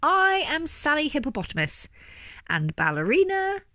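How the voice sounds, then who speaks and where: A woman's voice: high voice, big pitch swings, moderate pace, sharp tone, no room sound, pitched above the performer's own voice, heavily acted. A woman voicing a grand, theatrical female toy hippopotamus in a storybook reading. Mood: grandly announcing. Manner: pompous, theatrical announcer.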